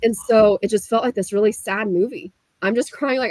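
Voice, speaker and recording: A young woman from the US Midwest telling her story as a guest, animated and full of "like" fillers. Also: medium pitch, fairly quick, dry recording, poor audio. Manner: animated, frequent "like" fillers, laughs while telling. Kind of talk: casual storytelling.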